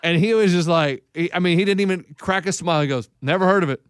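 A man's voice: sits high, fast, clear, resonant tone, dry recording, studio quality. A man co-hosting a podcast, telling rambling anecdotes full of restarts in casual chat. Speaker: podcast co-host.

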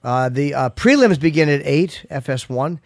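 A man's voice: on the high side, animated, normal speed, no room sound, studio quality. A man hosting a casual sports chat, upbeat as he runs through fight lists. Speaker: podcast host.

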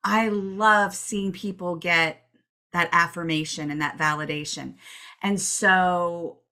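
A middle-aged woman co-hosting a podcast, telling stories in a chatty, animated way. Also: lowish voice, takes it slowly. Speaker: podcast co-host. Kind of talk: casual chat.

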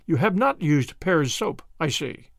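A cheeky, bold young adventurer, as a male narrator plays him, quipping in a jaunty, mock-grand way. His voice swings lively up and down and sits a touch high for a man. The sound is dry and close. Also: measured pace, gravelly, no echo, exaggerated voice. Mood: flippant. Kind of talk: audiobook character voice.

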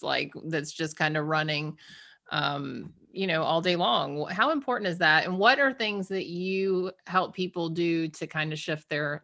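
A woman hosting an interview, telling stories in a chatty, lively way and asking questions. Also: sits low. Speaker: podcast host. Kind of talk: casual chat.

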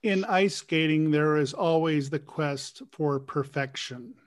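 A man hosting an interview, asking reflective questions in measured, philosophical phrasing. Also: fairly high pitch. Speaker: interview host.

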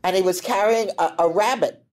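A woman's voice: mid-range voice, fairly quick. A woman in her eighties, a grandmother co-hosting a casual chat, telling stories and acting out the voices of the people in them. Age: 80s. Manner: animated storyteller who acts out quoted voices and laughs often. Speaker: grandmother and co-host.

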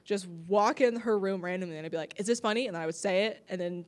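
A woman's voice: on the low side, fast, darkish tone. Laughing woman comedian in casual chat. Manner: laughs often, acts out quoted people. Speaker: comedian, podcast guest.

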